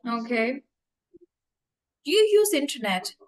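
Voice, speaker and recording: A woman English teacher plays examiner in a mock speaking test, her high voice swinging widely in pitch as she speaks slowly. She patiently asks, repeats and spells out questions, laughing frequently, on a rough recording.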